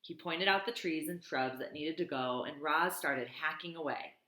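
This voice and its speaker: A woman's voice: low-pitched, normal speed, sharp tone, roomy sound, rough recording. A woman reading a children's novel aloud, in a plain read-aloud manner with small slips and self-corrections. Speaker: reader.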